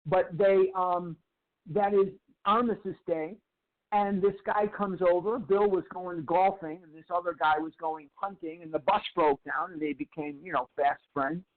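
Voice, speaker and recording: A man giving a twelve-step recovery talk in a storytelling lecture style, slowly repeating phrases for emphasis. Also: sits high. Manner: slow, emphatic repetition of phrases. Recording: tinny phone-like sound.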